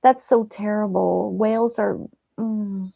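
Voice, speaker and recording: A woman hosting a livestream, chatting gently and reading out viewers' comments. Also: mid-range voice, steady tone, slow, vocal fry, no room sound. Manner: soft-spoken, gentle, chatty. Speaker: livestream host.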